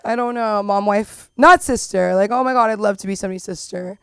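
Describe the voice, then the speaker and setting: A young woman from Los Angeles with a Valley girl accent, doing open mic stand-up in a rambling, filler-heavy way that jumps into loud squeals. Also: medium pitch, a little fast, smooth, no echo, clean studio sound. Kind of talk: stand-up comedy. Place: comedy club.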